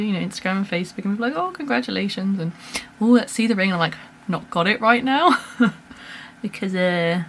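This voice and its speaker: Woman vlogging at home, kinda low voice, chatty storytelling, faint room hiss behind. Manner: chatty, animated storytelling with laughs and fillers. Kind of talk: casual chat to camera.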